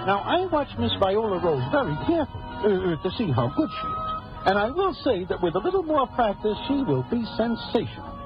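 A wry, amused man tells the story in a high, very lively voice, full of Broadway slang. The sound is dull and lo-fi, like an old radio broadcast. Music plays behind him. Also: a little fast. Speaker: narrator and lead character. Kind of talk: 1940s radio drama narration.

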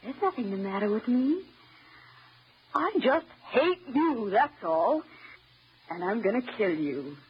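An unhinged armed wife. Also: female voice, on the high side, sing-song, a little slow, pauses often. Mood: bitter, cold. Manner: cold, taunting, menacing. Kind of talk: 1940s radio acting. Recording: dull old radio recording, faint hiss.

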